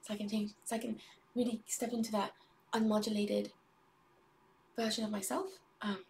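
A woman hosting a casual spiritual livestream, talking in a meandering, airy way with many likes and drifting into soft whispered prayer. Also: mid-range voice, level tone, moderate pace, vocal fry, recorded from a distance, a little hiss or hum. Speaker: livestream host.

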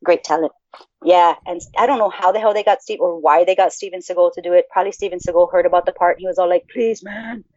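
A woman's voice: fairly low pitch, steady tone, fast talker, a little mellow, no room sound. Profane, rambling woman podcast host. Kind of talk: casual chat. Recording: dull lo-fi sound.

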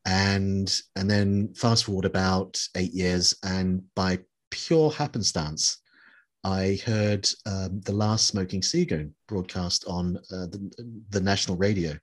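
A man's voice: deep voice, slow pace. A middle-aged man from New Zealand chatting reflectively, with many fillers and restarts. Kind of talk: casual chat.

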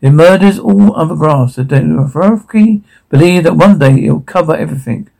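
A man's voice: a little high, moderate pace, vocal fry, a little mellow, low-quality recording. A man reading the part of a grave exiled knight from a script, solemn and explanatory.

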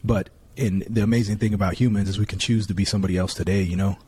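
A man's voice: on the low side, steady tone, quick pace, dark tone, slightly rough. A man hosting a podcast, casually affirming his guest and thinking aloud. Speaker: podcast host.

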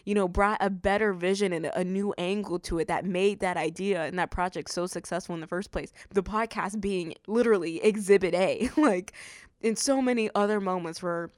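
A young adult woman hosting a faith-based podcast, telling stories and acting out what people said in an animated way. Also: mid-range voice, normal speed, no room sound, studio quality. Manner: animated storytelling, acts out quotes. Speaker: podcast host.

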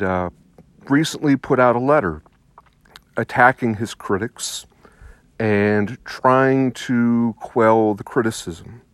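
A priest speaking slowly and emphatically, making a combative argument to listeners with rhetorical questions. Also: male voice, mid-range voice, no echo. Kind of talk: spoken commentary to listeners.

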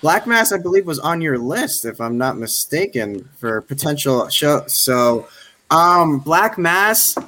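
A man guesting on a casual podcast with a bright, slightly higher voice. He weighs his film opinions calmly and diplomatically. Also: unhurried. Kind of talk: casual chat.

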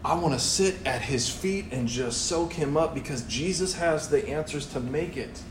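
A young man preaching a sermon in a church, animated and playful, acting out voices as he tells the story. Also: a little high, normal speed, background noise. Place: church hall. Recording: echoey church room, faint ambience.

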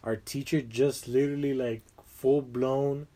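A man's voice: medium pitch, fairly even intonation, unhurried, mellow. A young man chatting casually as a guest, rambling with lots of fillers and slang. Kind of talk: casual chat.

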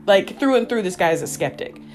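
A woman's voice: medium pitch, lively intonation, brisk, a little hiss or hum. A woman hosting a solo podcast, chatting casually and rambling off on tangents with frequent self-interruptions. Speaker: podcast host. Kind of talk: casual solo review chat.

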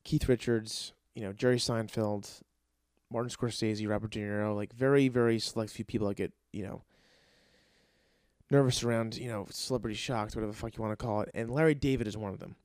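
Excitable young man telling a story. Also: fairly low pitch, a little fast, dry recording, studio quality. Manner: excitable, profane, rambling with restarts. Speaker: podcast host and aspiring comedian. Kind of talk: casual comedic storytelling.

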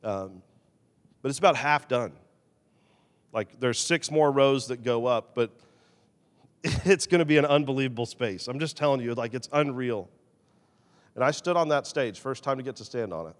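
A man preaching a sermon as pastor, animated, swinging between loud emphasis and quiet, confessional asides. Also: mid-range voice, moderate pace, long pauses, long reverb tail.

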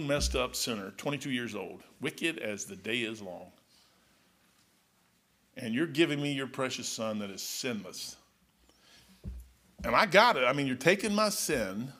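An older man preaching a folksy, excitable sermon, dropping low and then shouting. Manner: folksy, excitable, swings between murmurs and shouts.

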